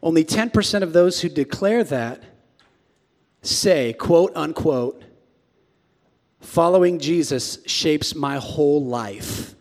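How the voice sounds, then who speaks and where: A man in his forties preaching a sermon as a pastor, swinging between hushed asides and sudden shouts. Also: a little high, lively intonation, slow, long pauses. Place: large church sanctuary. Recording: long reverb of a big hall.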